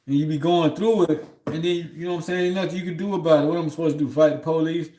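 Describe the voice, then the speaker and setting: A man's voice: a little high, steady tone, quick pace, mellow, echoey room. A man on a livestream telling a long story in a loose, rambling way, often heated and aggrieved, with "you know what I'm saying" between his thoughts. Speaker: livestream host.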